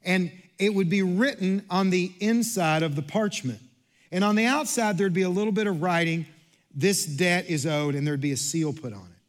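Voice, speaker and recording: A male pastor preaching a sermon in a church, repeating himself and restarting phrases, swinging between quiet low stretches and loud passages. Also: animated, a little fast.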